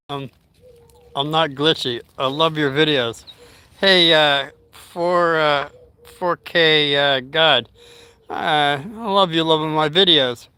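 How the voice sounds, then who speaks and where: A man's voice: on the high side, pushed and bright, clean tone. An older man telling a rambling story to his live chat, stopping to talk to his dog. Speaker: vlogger. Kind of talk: casual storytelling livestream.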